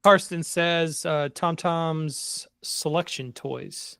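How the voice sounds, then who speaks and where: A man's voice: on the high side, slow pace, vocal fry, pushed and bright, smooth, no room sound. A man co-hosting a live stream, reading viewer comments aloud and adding dry jokes in casual chat.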